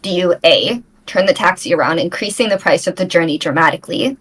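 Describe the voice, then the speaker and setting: A woman playing a poised bachelorette, reading out questions in a measured way. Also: fairly low pitch, lively intonation, fairly bright tone, breathy edge, low-quality recording. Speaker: contestant. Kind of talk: comedic improvised dating game.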